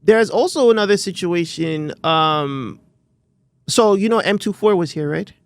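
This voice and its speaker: Canadian podcast guy, high gravelly voice, rambles and restarts a lot. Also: measured pace, no room sound, studio quality. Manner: animated, rambling, restarts often. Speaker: podcast co-host. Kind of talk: casual chat.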